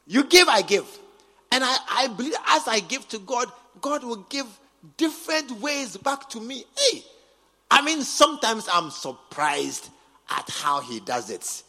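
A high-voiced man with a Ghanaian English accent preaches in a large cathedral, his bright, husky voice leaping up and down in pitch. He repeats lines with mounting force, going from low asides to shouts. Long reverb fills the hall over faint music. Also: sing-song, a little slow. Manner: emphatic, repetitive, swings from quiet to shouting. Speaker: bishop preaching. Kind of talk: sermon.

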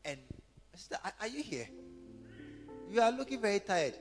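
A man preaching a sermon through an interpreter, with an animated delivery that acts out little scenes. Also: high voice, moderate pace. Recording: echoey hall with faint music.

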